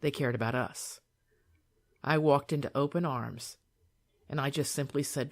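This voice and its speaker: An older woman reading her own memoir aloud in a calm, soothing, measured way. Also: very deep voice.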